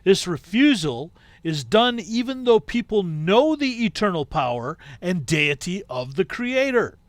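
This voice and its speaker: A man hosting a podcast, reading a book aloud in a measured way and breaking off into casual asides. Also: high-pitched, no echo. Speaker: podcast host.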